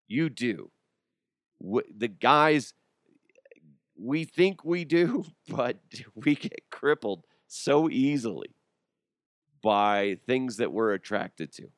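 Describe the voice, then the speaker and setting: A man's voice: medium pitch, no room sound, studio quality. A young adult man hosting a podcast, riffing and joking in a casual comedic monologue, often laughing and putting on voices. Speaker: podcast host.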